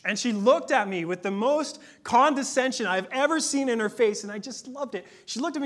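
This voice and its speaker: A man in his thirties preaching a sermon in a conversational, earnest way, dropping to a hush at times. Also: extremely high pitch, lively intonation. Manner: conversational, earnest, with dramatic pauses and hushed moments. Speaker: pastor.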